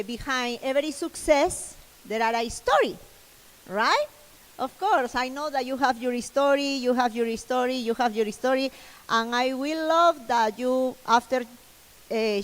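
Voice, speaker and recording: A woman with a strong Spanish accent gives a motivational keynote in a large event hall. Her voice is high, her English halting, and she repeats herself earnestly. Long reverb trails her words. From Latin America. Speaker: keynote speaker. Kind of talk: motivational stage talk.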